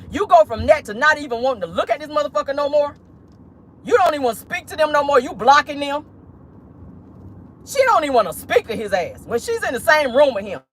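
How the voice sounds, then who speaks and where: A woman's voice: sits high, a little hiss or hum. A woman giving casual pop-culture commentary on her vlog, emphatic and preachy, with frequent profanity. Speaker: commentary vlogger.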